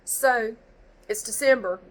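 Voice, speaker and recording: A woman's voice: fairly high pitch, slow pace, poor audio. Exasperated woman ranting with a stuffy nose. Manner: exasperated, animated, rambling with restarts. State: stuffy from sneezing. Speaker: vlogger. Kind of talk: casual storytime rant.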